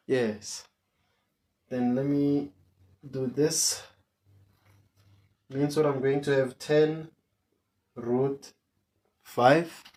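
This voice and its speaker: A maths tutor leads an online lesson at an unhurried pace. The voice sits at a middling pitch, and each question gets asked several times over to draw the students in. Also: a little mellow.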